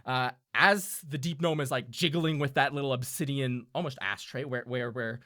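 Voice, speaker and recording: A man's voice: medium pitch, fairly even intonation, moderate pace, sharp tone. A man narrating as game master for a tabletop game, rambling with many fillers and self-corrections.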